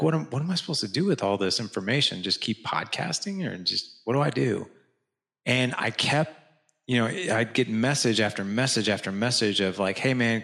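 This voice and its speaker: Man, gravelly voice, low pitch, storytelling guest, acts out dialogue, chatty fillers. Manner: animated, acts out quoted dialogue; frequent restarts and "like" fillers. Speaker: podcast guest, founder of a fathers' organization. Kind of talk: conversational storytelling.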